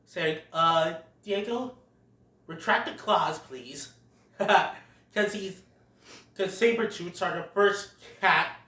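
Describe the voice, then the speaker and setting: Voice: mid-range voice, fairly bright tone. A film reviewer recapping scenes in a casual way, often breaking into laughter. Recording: roomy sound, far from the mic.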